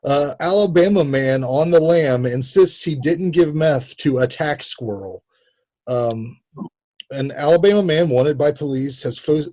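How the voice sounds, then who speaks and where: A man's voice: medium pitch, a little mellow. A man co-hosting a live comedy stream, reading strange news stories aloud with frequent laughs. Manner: laughs often, slips into mock Southern drawl for bits. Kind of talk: casual comedic banter. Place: home studio, live stream.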